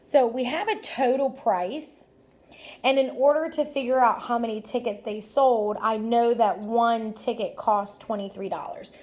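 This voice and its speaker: A woman's voice: on the high side, steady tone, a little slow, darkish tone. A woman teacher working through math problems aloud, step by step, in an upbeat, encouraging way. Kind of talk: math lesson walkthrough.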